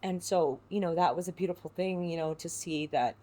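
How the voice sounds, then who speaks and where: An actress from San Diego speaking as a podcast guest, reflective and heartfelt, with many filler words. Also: female voice, lowish voice, fairly quick, warm tone. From San Diego, United States. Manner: reflective, heartfelt, full of "you know" fillers. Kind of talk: podcast interview.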